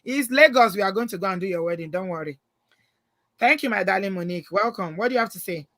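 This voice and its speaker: A woman's voice: medium pitch, expressive, quick pace, no room sound. A Nigerian woman hosting a live call-in chat, giving emphatic advice and welcoming callers. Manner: emphatic, advising, warm toward callers. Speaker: host.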